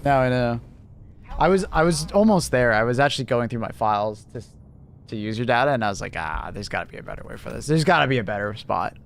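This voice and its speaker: A man's voice: medium pitch, expressive, fast, gravelly, a little hiss or hum. Chatty man on a gaming livestream. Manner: chatty, laughs often, talks to chat and his cat. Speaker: livestreamer reading chat. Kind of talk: casual livestream chat.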